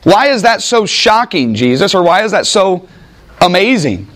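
A man's voice: high-pitched, big pitch swings, normal speed, fairly bright tone. A man preaching a sermon in a conversational way, reading scripture aloud and acting out the voices in it. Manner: conversational, acts out voices in Bible stories. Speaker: pastor.

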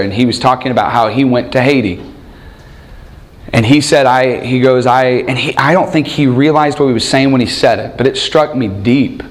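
A man preaching a sermon, animated, acting out quoted voices and asking rhetorical questions. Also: medium pitch.

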